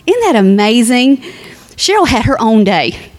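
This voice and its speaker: A woman's voice: fairly high pitch, sing-song, a little slow. A woman speaking at a funeral, giving a heartfelt, conversational eulogy that moves into a sermon and turns to the family directly. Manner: reads scripture aloud.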